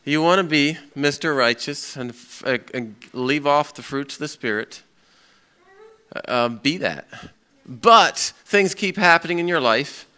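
A man leading a Bible class, bright and clear, his voice sitting a little high for a man. He tells a story with lots of energy and keeps turning to his listeners with questions. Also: unhurried. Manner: lively, asks the audience questions, acts out a story. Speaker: pastor teaching a Bible class. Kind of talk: interactive sermon with storytelling.

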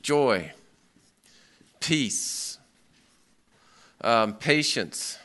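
Lively male pastor in a teaching sermon, bright, clear voice. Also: medium pitch, very slow. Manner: lively, asks the audience questions, acts out a story. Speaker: pastor teaching a Bible class. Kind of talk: interactive sermon with storytelling.

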